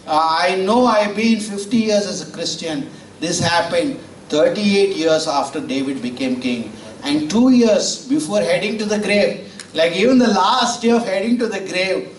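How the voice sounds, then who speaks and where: A man's voice: fairly high pitch, slight background noise. Male preacher echoing in a church. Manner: conversational, with fillers, asks the congregation questions. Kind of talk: sermon with storytelling. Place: church sanctuary. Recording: roomy church audio from far off.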